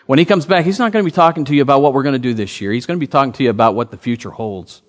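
A man preaching a sermon as pastor, telling a story with lively swings in his voice. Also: medium pitch, racing.

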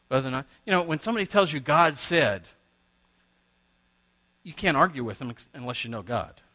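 A middle-aged male pastor preaching a sermon, swinging between loud and quiet as he acts out little exchanges. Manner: preaching with wide swings in pitch and loudness, acting out quoted exchanges.

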